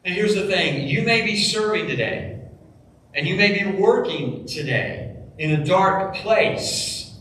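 A man preaching a sermon as pastor, emphatic, dropping low and quiet on key phrases. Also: expressive, slow. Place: church sanctuary. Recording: echoey church hall, mic from a distance.

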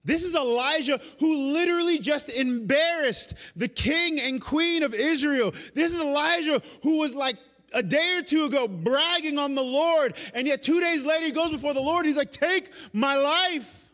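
A male pastor with a high-pitched voice delivers a passionate sermon. He moves between loud, urgent peaks and hushed, intimate asides, speaking prayers and God's answers in the first person. His voice rings through the long reverb of a large church hall. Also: normal speed. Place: church sanctuary.

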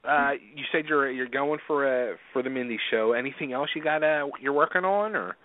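A man's voice: medium pitch, fairly quick, dry recording. Dry, tinny-sounding male radio host. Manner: conversational, stumbling starts, laughs along. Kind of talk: radio interview.

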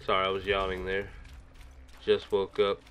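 A gaming video creator chats about his own gameplay, rambling and talking to himself, with a desk microphone placed a little far off and game music behind him. His low voice is completely flat, fairly bright, moderately paced, with a little hiss or hum.

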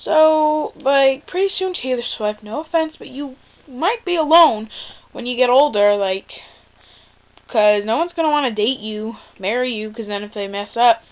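A young woman talks casually to her viewers, chatty and exasperated, with plenty of fillers. Her voice sits a little high. The sound is thin and tinny, like a phone line. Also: moderate pace. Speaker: vlogger. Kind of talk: casual opinion vlog.

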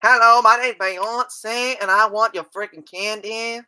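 Brief: woman playing a pushy female star begging candy, slow and a little higher, bright. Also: steady tone. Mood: demanding. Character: demanding female trick-or-treating celebrity.

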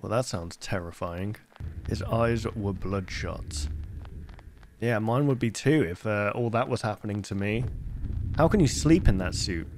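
A young man hosting a casual reaction video, chatty and quick to make joking asides. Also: on the low side, noisy background. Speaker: host.

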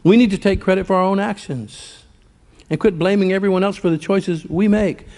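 High-voiced folksy preacher man. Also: fairly quick, a little mellow. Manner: folksy storytelling with rhetorical questions. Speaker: pastor. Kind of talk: sermon. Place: church.

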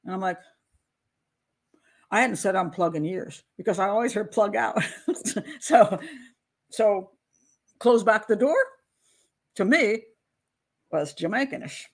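A woman's voice: medium pitch, lively intonation, a little slow, creaky, pauses often, breathy edge. A woman hosting a casual commentary show as a criminal profiler. She talks loosely to camera, rambles and teases herself as she searches aloud for her material. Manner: rambling, searching aloud for notes, self-deprecating.

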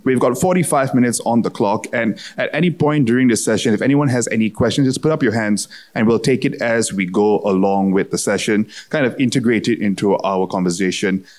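Male panel moderator, low-pitched, polished emcee delivery. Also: a little fast, few pauses, a little mellow.

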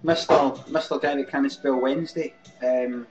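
A man's voice: medium pitch, steady tone, moderate pace, a little mellow, soft background music. A Scottish man hosting a live webcam comedy show, mocking and sarcastic, swearing often. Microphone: webcam mic. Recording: dull lo-fi webcam audio.

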